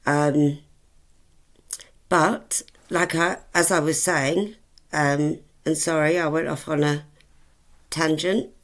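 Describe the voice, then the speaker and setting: Low, gravelly-voiced woman vlogger. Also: fairly even intonation, slow pace. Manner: rambling, hesitant, full of ums, affectionate. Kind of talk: casual chat to camera.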